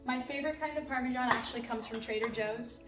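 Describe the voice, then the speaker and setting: A woman's voice: on the high side, fast talker, distant mic, music in the background. A woman demonstrating a salad recipe in a kitchen, chatty and gushing about the food. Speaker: guest cook. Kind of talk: cooking demonstration chat. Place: home kitchen.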